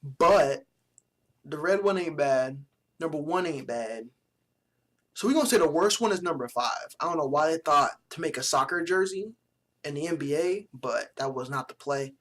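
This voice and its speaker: A man's voice: a little high, expressive, normal speed, a bit bright. Blunt slangy young man ranting. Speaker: vlogger reviewing sports jerseys. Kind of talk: casual profane commentary.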